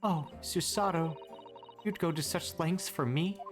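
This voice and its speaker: A man voicing an excitable young woman who gushes, gasps and squeals in a high, strained voice over game music. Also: unhurried, close to an everyday voice. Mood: gushing. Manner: gasping, high-pitched squeals of surprise.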